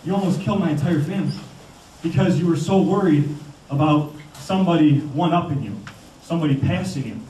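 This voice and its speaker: A man's voice: fairly high pitch, brisk, mellow, a little hiss or hum, close to an everyday voice. A man voicing an earnest, reproachful male deer who lectures him in a story. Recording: echoey hall from far off.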